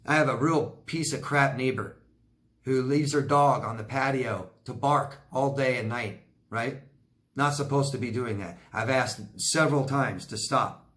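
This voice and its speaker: A man's voice: fairly high pitch, animated, normal speed, a bit bright, echoey room. A man giving blunt relationship advice as a coach, answering viewer questions and acting out quoted people. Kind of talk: Q&A advice talk.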